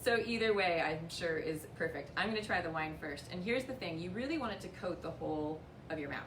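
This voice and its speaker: In a winery tasting room, a woman leads a casual wine-and-chocolate tasting lesson, chatty and upbeat with light self-mocking humor. Her lowish voice is expressive and fairly quick. The room echoes, the mic picks her up from a distance, and there's background noise.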